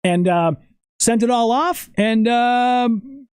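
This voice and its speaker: A man telling a story in a casual podcast chat, animated and swearing often. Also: very high voice, slow, clean tone, dry recording. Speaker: podcast guest.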